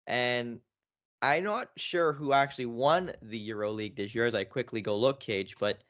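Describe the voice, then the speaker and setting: A man's voice: medium pitch, moderate pace, a bit bright. Rambling male sports podcast co-host. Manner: rambling, lots of "you know" and restarts. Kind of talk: casual sports chat. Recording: dull lo-fi podcast audio.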